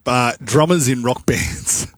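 A man co-hosting a radio show with quick jokes. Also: mid-range voice, lively intonation, husky, no echo. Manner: joking, quick quips. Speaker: radio co-host. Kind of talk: radio banter.

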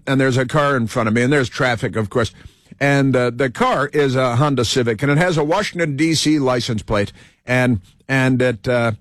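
A man's voice: medium pitch, dry recording, clean studio sound. A man hosting a talk radio show, telling a rambling story in a casual monologue and laughing mockingly along the way.

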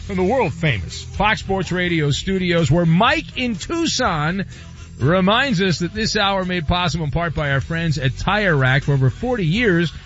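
Theatrical high-voiced male radio host. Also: expressive, fairly bright tone, dull audio, faint music behind. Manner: theatrical, drawn-out and playful. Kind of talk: bombastic talk radio with live ad reads.

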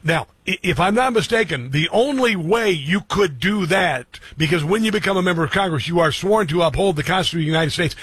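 Man, radio host, indignant, husky, dry studio sound. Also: high voice, animated, brisk, few pauses, no room sound. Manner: indignant, loud outbursts. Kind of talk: talk radio chat.

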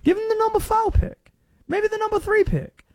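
A man's voice: extremely high pitch, moderate pace, no echo, clean studio sound, voice pushed up. A man voicing a conspiracy-minded sports host with a put-on Southern accent. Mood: scheming.

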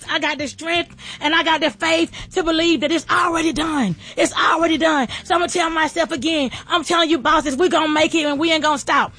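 A woman giving an emotional, preachy motivational talk, teary and repeating herself as she builds to shouts. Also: sits high. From Atlanta area. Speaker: restaurant owner.

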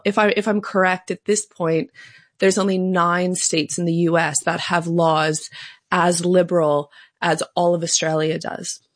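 A woman's voice: lowish voice, dry recording, clean studio sound. A woman from Canada, telling her story in an earnest, fluent way as an interview guest. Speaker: guest, pro-life advocate. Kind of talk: interview conversation.

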